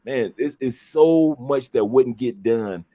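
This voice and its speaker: A man's voice: mid-range voice, slow pace, dark tone. Male host, easygoing chat, loose and repetitive phrasing. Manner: easygoing, repeats words as he thinks. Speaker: host of a live show. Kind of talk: casual chat.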